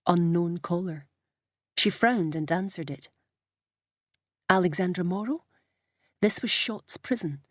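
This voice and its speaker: A woman narrating a novel in a measured, even storytelling voice. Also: lowish voice, no echo, clean studio sound. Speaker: audiobook narrator. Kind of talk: scripted narration.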